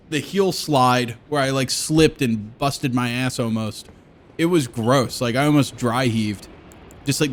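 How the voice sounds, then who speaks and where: A young adult man rambling casually as a streamer, crude and joking, swearing freely and slipping into playful silly voices. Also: medium pitch.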